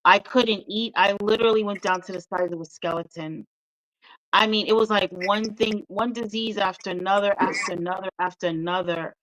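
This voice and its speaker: A woman's voice: mid-range voice, steady tone, normal speed, fairly bright tone, no room sound, rough recording. A middle-aged woman, a guest author, telling her story with earnest feeling in a casual interview chat.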